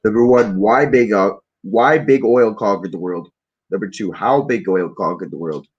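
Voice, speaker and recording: A man's voice: fairly low pitch, normal speed, slightly rough, highs cut off. A man from Canada hosting a podcast, telling a meandering story in a casual rambling monologue, often trailing off into fillers and restarts. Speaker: podcast host.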